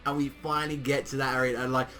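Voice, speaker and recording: An excitable young man rambles through an anime review in loose, slangy speech. He swears freely and fills his sentences with "like". His pitch sits in an ordinary middle range for a man. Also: quick pace, faint music behind. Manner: excitable, slangy, swears often, heavy use of "like". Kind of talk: casual video review.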